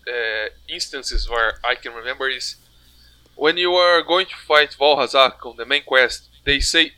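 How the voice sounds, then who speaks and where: A man's voice: mid-range voice, unhurried, bright, forceful tone, dry recording, low-quality recording. A man in casual chat about a video game, thinking aloud with hesitant fillers.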